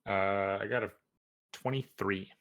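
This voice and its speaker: A man's voice: fairly low pitch, fairly even intonation, unhurried, creaky, a bit bright. A man playing a tabletop game, speaking hesitantly with many fillers. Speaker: player. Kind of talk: casual tabletop play.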